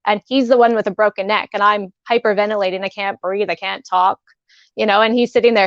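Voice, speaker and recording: A woman telling a painful personal story as a talk-show guest. She speaks haltingly, with many restarts and an emotional edge. The sound is dry and slightly muffled. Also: medium pitch, steady tone, no room sound.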